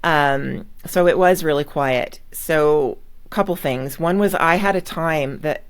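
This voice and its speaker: A woman's voice: low-pitched, slow, clear, resonant tone. A woman hosting a podcast, chatting casually and steering the talk between guests. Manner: relaxed, steers the conversation. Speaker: podcast host. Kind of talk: casual chat.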